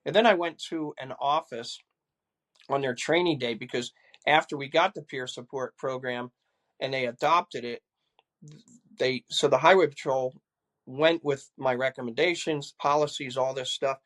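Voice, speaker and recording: A man's voice: medium pitch, normal speed, fairly bright tone. An older man, a retired police chief, earnestly recounting personal experiences in a conversation, often repeating words as he goes.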